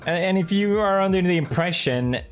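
A man's voice: sits high, lively intonation, a little fast. A YouTuber man in an opinion monologue, dismissive and argumentative.

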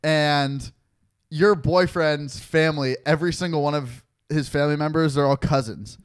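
A man's voice: a little high, normal speed, clean tone, no room sound, clean studio sound. A man co-hosting a podcast, teasing and laughing in crude casual banter. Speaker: podcast co-host.

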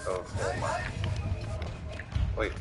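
A man's voice: low voice, lively intonation, drawn-out words, over loud music, a loud crowd. A young man casually commenting on his own fighting game career, often frustrated and swearing to himself. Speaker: gamer playing a fighting game career mode.

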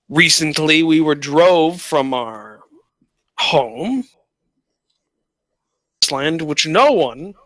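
A man voicing a large, refined orc chieftain with a British accent, speaking formally and deliberately. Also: on the high side, pushed and bright, no room sound, exaggerated voice. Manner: formal, measured.

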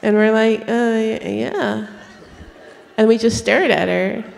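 A woman with a fairly high voice tells stories on stage, animated and laughing, and she acts out every person she quotes. Her voice carries a long reverb from the public hall. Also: slow, creaky. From United States. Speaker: author in conversation. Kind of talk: storytelling conversation on stage. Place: auditorium stage.

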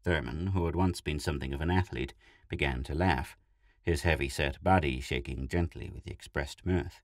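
A man narrating a science fiction short story in a steady, measured reading style. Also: very deep voice, dry recording, clean studio sound.

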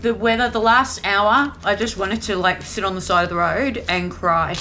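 A woman with a mid-range voice and a dry, sarcastic bite, quick to laugh. She trades casual banter on a road trip over a faint outdoor hum. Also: medium pitch, steady tone, sharp tone, low-quality recording. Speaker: travel companion on the ride.

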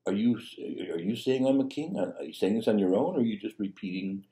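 A man's voice: fairly low pitch, expressive, brisk, warm tone. A man preaching a sermon as a priest, talking conversationally with fillers and restarts. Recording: echoey room.

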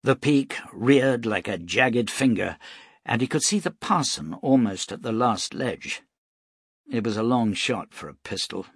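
A man reading an action novel aloud as an audiobook narrator, steady and dramatic. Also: medium pitch, unhurried, husky, dry recording, clean studio sound. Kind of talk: scripted narration.

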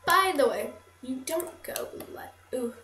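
Slow, giggly woman in an echoey room. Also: high-pitched, animated, sharp tone, a little hiss or hum. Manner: giggly, rambling, self-conscious. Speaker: let's play host. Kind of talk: casual gameplay commentary. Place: at home.

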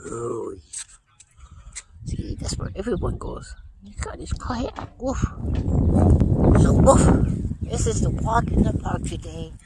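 A man's voice: sits high, big pitch swings, unhurried, heavy background noise. A playful man chatting casually outdoors in a park, ending nearly every line with a barked woof. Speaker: vlogger. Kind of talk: casual vlog chat. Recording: loud music playing over the voice.

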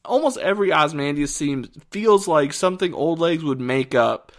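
A man co-hosting a podcast, chatting casually about a TV series in a rambling, animated way. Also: a little high, normal speed. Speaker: podcast co-host. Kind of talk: casual film review chat.

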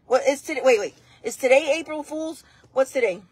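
A woman's voice: sits high, brisk, a little mellow, no echo. A woman hosting a casual live stream, chatting and rambling to her viewers, often repeating herself.

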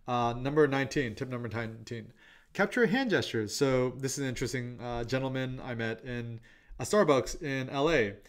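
A man giving a casual presentation on photography, telling quick anecdotes full of fillers and "I'm like" asides. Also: mid-range voice.

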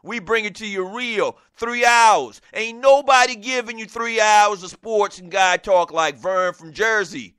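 A man putting on a boastful male New York radio host with a New York accent, slow and drawn out. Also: high-pitched, sharp tone, clear, resonant tone, voice pushed up. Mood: boasting.

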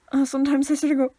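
A woman's voice: high voice, dry recording. A young woman with a Northern Irish accent, co-hosting a casual podcast, chatty and laughing often as she talks over her sister. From Northern Ireland. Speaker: podcast co-host. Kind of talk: casual chat.

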